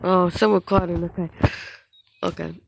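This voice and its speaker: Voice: mid-range voice, level tone, moderate pace, gravelly, a little hiss or hum, poor audio. A gamer giving casual let's-play commentary on their own mobile play, rambling to themselves with frequent restarts and small outbursts at the game.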